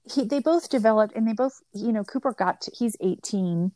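A woman's voice: on the high side, moderate pace, warm tone, dry recording. A middle-aged woman, a mother and podcast guest, telling family stories in casual conversation, chatty and full of "like" fillers. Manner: chatty, storytelling with many "like" fillers.

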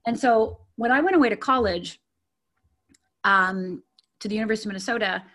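A middle-aged woman speaks as an interview guest, recounting her own life in an earnest, candid way. Her voice sits at an ordinary middle pitch, and she talks loosely, with fillers and repeated words. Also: fairly quick, fairly bright tone. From Upper Peninsula of Michigan. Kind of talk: personal storytelling.

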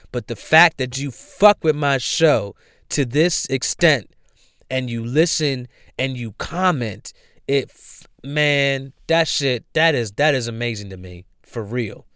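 Young guy doing his podcast, cussing a lot, smooth clear voice, dry close mic. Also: medium pitch, no room sound. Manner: profane, blunt, heated rants then relaxed sign-off. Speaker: podcast host. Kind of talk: casual solo podcast rant. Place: home room.

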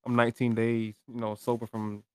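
A young man co-hosting a podcast, relaxed and a little tired, talking in casual slang with lots of fillers. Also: mid-range voice, brisk, a little hiss or hum. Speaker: podcast co-host. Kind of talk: casual chat.

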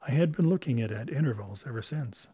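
A man narrating a story in a measured, wry manner, recorded close on a studio mic. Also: medium pitch, expressive, dark tone, breathy edge, no room sound. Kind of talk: scripted audiobook narration.

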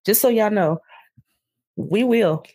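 A woman co-hosting a casual podcast. Her voice is husky and a little breathy, and her pitch sits in a middle range. She rants with lively emphasis and speaks straight to listeners as y'all. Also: slow pace. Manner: animated ranting, addresses listeners as y'all. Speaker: podcast co-host. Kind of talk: casual chat.

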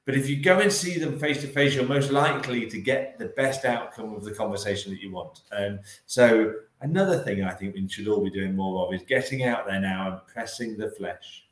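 A man's voice: fairly low pitch, brisk, few pauses, reverberant, low-quality recording. A man co-hosting a casual property-business chat, telling corny jokes and anecdotes with lots of ums. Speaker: podcast co-host, estate agent.

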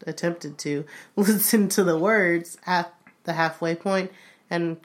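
A young woman from Rhode Island co-hosting a casual podcast chat, chatty and quick to laugh, her voice slightly hoarse. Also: on the low side, fairly even intonation. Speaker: podcast co-host.

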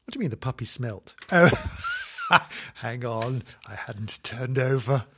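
A man's voice: medium pitch, animated, unhurried, noisy background. A man reading a children's storybook aloud in a camp, theatrical way, breaking off into comic asides and sorry-children apologies. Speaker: comic reader.

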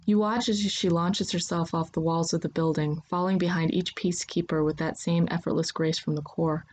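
A woman narrates a scripted second-person story in an even, steady storytelling manner. Her voice sits on the low side. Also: normal speed, husky.

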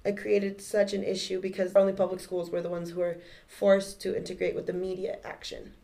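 A young woman in a class discussion, talking quickly with many fillers. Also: on the low side, completely flat delivery, gravelly, mellow. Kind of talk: casual discussion.

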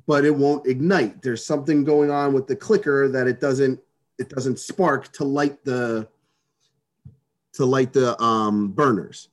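A man's voice: medium pitch, steady tone, measured pace. A man telling a long story in casual chat, rambling with many restarts, fillers and swear words.

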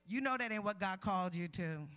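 A woman guest preacher at a women's conference swings from low-key asides to loud shouts, throwing playful jabs at the audience. She speaks a little fast with lively intonation, over soft background music.

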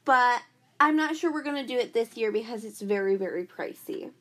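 A woman's voice: on the high side, animated, fairly quick, a bit bright. A woman hosting her own podcast, talking in a chatty valley-girl way full of "like". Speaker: podcast host. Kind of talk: casual podcast monologue.

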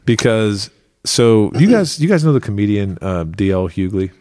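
A man hosting a podcast who tells a rambling, animated story, full of fillers, in casual chat. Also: fairly low pitch, moderate pace, no echo. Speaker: podcast host.

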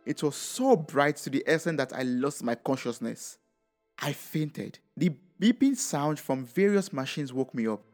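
A man narrating a scripted first-person story, reflective and dramatic, his voice sitting slightly high for a man. Soft music plays faintly underneath.

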